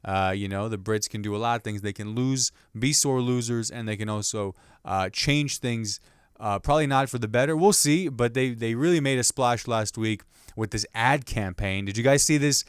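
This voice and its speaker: A man's voice: mid-range voice, normal speed, clear, resonant tone, dry recording, clean studio sound. A young man hosting his own podcast, chatting in a rambling, jokey way about the week's news and his sports teams. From Indiana. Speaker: podcast host. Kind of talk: casual solo commentary.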